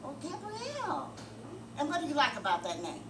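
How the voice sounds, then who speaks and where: A woman's voice: on the high side, big pitch swings, very fast. An older woman performing a stand-up comedy set, telling stories and doing crowd work in a club. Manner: storytelling, sings a comic song. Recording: echoey club audio, far from mic, noisy.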